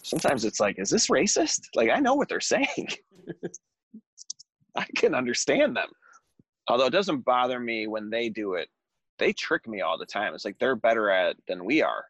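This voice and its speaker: A man's voice: mid-range voice, sing-song, normal speed, long pauses, a bit bright, husky, dry recording. A man co-hosting a casual podcast with an American accent, joking and laughing often as he chats. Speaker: podcast co-host. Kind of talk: casual chat.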